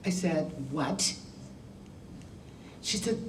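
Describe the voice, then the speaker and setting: A woman's voice: low-pitched, takes it slowly, pauses often, background noise. An older woman giving a candid, wry talk to a school class, telling her own story in a conversational way. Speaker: guest speaker. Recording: roomy sound from a distant mic.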